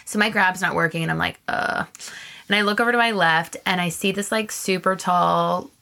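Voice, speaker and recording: A young woman hosts her own podcast and tells a story in a loose, unfiltered way. Her voice sits a little low for a woman, and her tone stays candid and animated, with casual swearing throughout. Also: brisk, creaky. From Canada. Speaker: podcast host.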